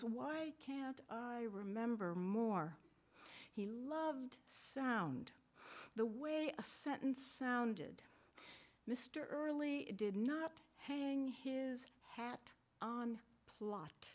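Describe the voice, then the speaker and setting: A woman author reading her literary fiction aloud in a measured, deliberate way, with brief asides to the audience. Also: on the high side. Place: conference reading.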